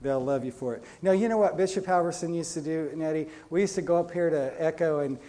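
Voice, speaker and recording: A man preaching a Pentecostal sermon as pastor, energetic, with frequent restarts and repeated words. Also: fairly high pitch, quick pace.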